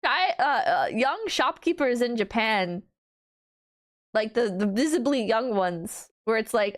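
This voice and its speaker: Female VTuber from the US, high voice, casual rambling stream chat, swears freely, spikes into incredulous outbursts. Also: animated, unhurried. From United States. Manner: rambling, profane, exasperated mock disbelief with laughing outbursts.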